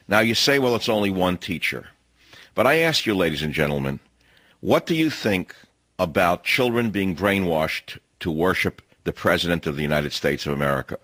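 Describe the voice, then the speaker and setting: A man's voice: sits low, fairly bright tone, no echo. A man hosting an opinion radio talk show, delivering an emphatic monologue full of repeated phrases and rhetorical questions. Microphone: studio microphone.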